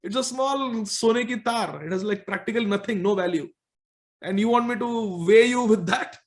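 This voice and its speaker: A man's voice: high voice, moderate pace, pitched above the performer's own voice. A man voicing a poor, bewildered devotee who sounds incredulous and pleading.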